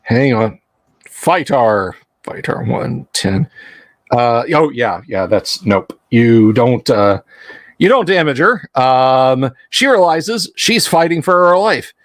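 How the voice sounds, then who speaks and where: A man's voice: medium pitch, animated, slow pace, no room sound. A man running a tabletop game as game master on a livestream, joking with his players as he narrates the fight. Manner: jokey, tosses in metal references.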